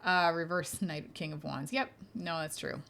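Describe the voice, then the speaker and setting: A woman's voice: sits low, normal speed, creaky, a bit bright, slight background noise. A woman hosting a casual podcast as a medium, chatty and reassuring as she answers listener questions. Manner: chatty and reassuring, frequent fillers, laughs lightly.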